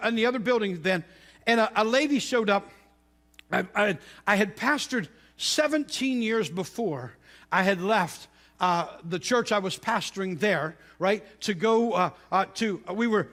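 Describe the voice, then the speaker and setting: Middle-aged pastor, very high voice, storytelling sermon style, swings from loud to hushed. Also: male voice.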